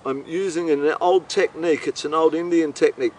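A man's voice: on the high side, fairly even intonation, brisk, distant mic, background noise. A man with an Australian accent telling a meandering, profane, incredulous comic story. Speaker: host. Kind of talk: rambling comic monologue.

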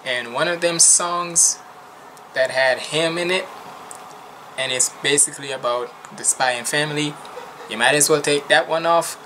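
A man's voice: medium pitch, pushed and bright, a little hiss or hum. Rambling, slangy man hosting reactions. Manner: rambling, loose and slangy, with restarts. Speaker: reaction channel host. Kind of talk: casual reaction commentary.

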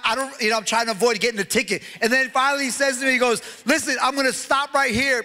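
A man's voice: extremely high pitch, pushed and bright. A man preaching with passion at a church conference, telling a story and acting out the voices of the people in it. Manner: impassioned, acts out quoted voices. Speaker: pastor. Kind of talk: sermon storytelling. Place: large church hall. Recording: long hall reverb.

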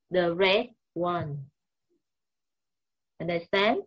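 A woman with a Vietnamese accent teaching English grammar slowly and repeating key words. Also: mid-range voice, muffled recording. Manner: slow, repetitive, mixes languages. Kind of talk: classroom grammar lesson.

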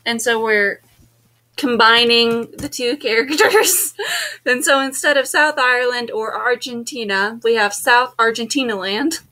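A woman's voice: a little slow, bright, forceful tone. Bubbly, jokey young woman gamer. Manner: bubbly, jokey, jumps into sudden high exclamations. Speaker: let's-play host. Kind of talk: casual gaming chat.

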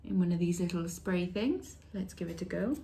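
A woman's voice: on the low side, expressive, normal speed, gravelly, dark tone, slight background noise. A woman chatting casually as she unboxes beauty products, reading labels aloud with fillers along the way. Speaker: beauty vlogger.

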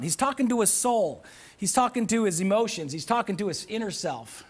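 A male pastor preaching a sermon to a church congregation, animated and often breaking into shouts. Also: high-pitched, fairly quick. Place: church sanctuary with live audience.

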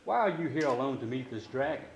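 A man's voice: medium pitch, expressive, fast, creaky, roomy sound, highs cut off, a little hiss or hum. A man reading as a stern brave knight.

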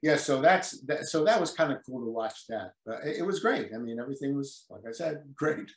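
A man's voice: medium pitch, a little fast. Older guy telling stories from his acting days, does little bits of dialogue, roomy echo. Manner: animated storyteller, acts out quotes. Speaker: guest actor. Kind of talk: casual interview. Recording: echoey room.

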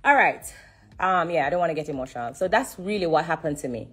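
A woman giving an earnest personal testimony on a live stream, repeating herself and pausing to hold back tears. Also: deep voice, slightly rough. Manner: earnest and repetitive, stopping to steady herself. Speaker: singer sharing a personal testimony.

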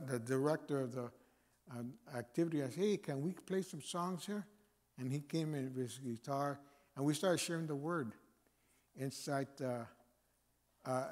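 A man speaking as a guest chaplain, preaching informally to a men's meeting with repeated phrases and fillers. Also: fairly high pitch. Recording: long reverb of a hall.

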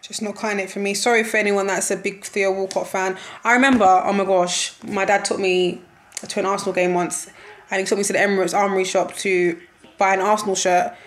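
A woman's voice: medium pitch, a little fast. Young woman ranting casually about football. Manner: animated, laughing, slangy and exasperated. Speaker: football vlogger reacting to a match. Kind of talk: casual match reaction chat.

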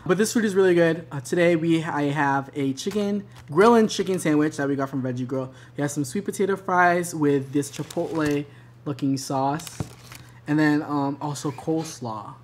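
A man's voice: on the high side, moderate pace, a little hiss or hum. A young man hosting his vlog in a casual chat, laughing often between phrases. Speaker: vlog host.

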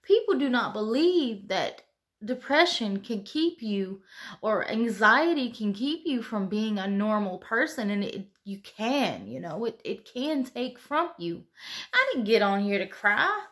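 A young woman talks openly to her camera late at night, her voice tearful and interrupted by sighs. She rambles and circles back, leaning on "you know" as she goes. The pitch and pace sit in an ordinary middle range. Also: sing-song, unhurried. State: tearful, sighing. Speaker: vlogger.

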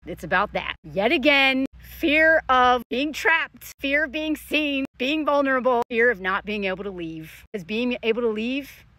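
A woman in her thirties tells a personal story in an emotional, rambling storytime vlog, full of restarts and fillers. Her voice is a little high with a sharp tone, unhurried yet with hardly any pauses, and there's no room sound.

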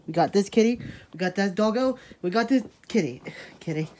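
A woman's voice: medium pitch, expressive, brisk, warm tone. A woman, chatting in a casual, rambling vlog, full of laughing asides and "hashtag" quips. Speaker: daily vlogger.

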